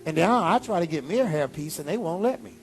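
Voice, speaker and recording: A man pastor preaching a sermon, animated, with sudden high exclamations. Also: quick pace, faint music behind.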